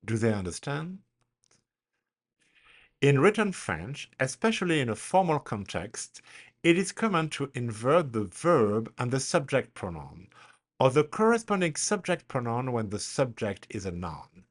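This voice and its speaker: A male language teacher delivering a recorded grammar lesson at an unhurried, measured pace. His pitch swings widely, jumping up on the example questions he models for learners to repeat. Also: sing-song. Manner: slow, deliberate, models questions with a strong rise.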